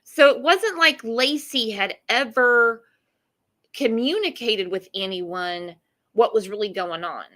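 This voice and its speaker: A woman's voice: a little high, slow pace, pushed and bright. A woman hosting a casual true crime livestream, blunt and profane, greeting chat viewers by name.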